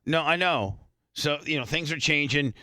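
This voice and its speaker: A man's voice: a little high, moderate pace, pushed and bright, dry recording. A man hosting a radio show, chatting casually in a profane, rambling way and stammering through restarts. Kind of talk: casual studio banter.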